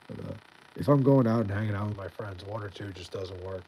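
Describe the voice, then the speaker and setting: A man's voice: fairly low pitch, brisk, mellow, a little hiss or hum, rough recording. A man livestreaming late at night, chatting with viewers in a rambling, tired way full of fillers and restarts. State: tired, near bedtime. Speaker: livestreamer reading chat.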